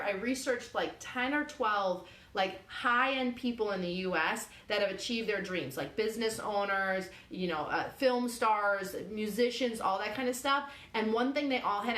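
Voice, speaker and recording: A woman's voice: medium pitch, normal speed, few pauses, a bit bright, echoey room. A woman hosting a motivational radio show, talking casually and directly to her listeners, coaxing them with lots of "like" and "okay".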